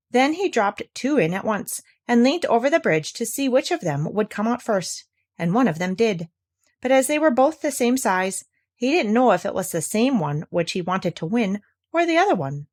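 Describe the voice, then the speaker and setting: Expressive woman reading a children's story. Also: medium pitch. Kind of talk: reading a children's book aloud.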